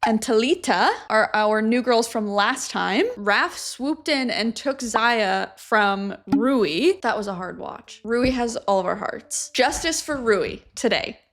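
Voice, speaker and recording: A woman hosting a casual reaction video, chatty and animated, often laughing as she comments. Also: on the high side, slow, few pauses. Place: home in Canada.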